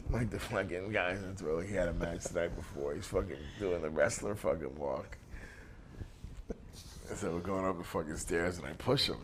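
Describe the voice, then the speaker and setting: Deep-voiced, swearing, laughing middle-aged man. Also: a little hiss or hum. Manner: profane, laughs through his own stories. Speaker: interview guest, pro wrestler. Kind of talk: casual storytelling anecdote.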